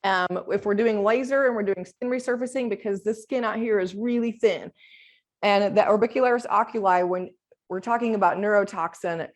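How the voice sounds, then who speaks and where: A woman's voice: medium pitch, normal speed. A middle-aged woman optometrist giving a conference lecture in a chatty way, acting out stories about her patients.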